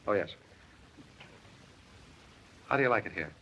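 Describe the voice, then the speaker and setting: An actor playing a busy, flirtatious male government official in a 1930s film, talking fast and joking. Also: on the low side, expressive, bright, forceful tone, slightly rough, full character voice. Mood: brisk. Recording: dull old 1930s film soundtrack.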